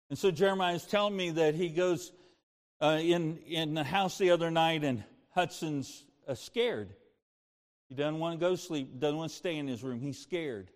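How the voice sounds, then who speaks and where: An older male pastor preaching in a fairly high voice that swings from fervent declarations down to quiet, tender storytelling. His words ring out with a long reverb trailing behind them. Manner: impassioned preaching with soft storytelling. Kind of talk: sermon.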